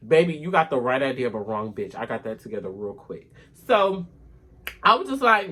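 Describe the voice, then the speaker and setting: Sassy woman vlogger ranting a storytime, husky voice, goes animated then mutters low. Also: moderate pace. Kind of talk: casual storytime rant.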